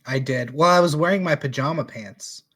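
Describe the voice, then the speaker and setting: A man co-hosting a podcast in a relaxed, late-night way, trading dry jokes. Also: a little high, normal speed, breathy edge. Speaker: podcast co-host. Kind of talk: casual late-night chat.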